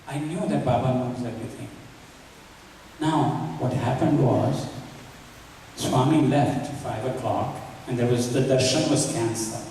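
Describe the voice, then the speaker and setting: A man's voice: mid-range voice, a little slow, mellow. A man giving a devotional talk, earnestly telling personal stories and acting out remembered dialogue, recorded from far off in a large hall. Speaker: devotional speaker. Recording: echoey hall from far off, faint hiss.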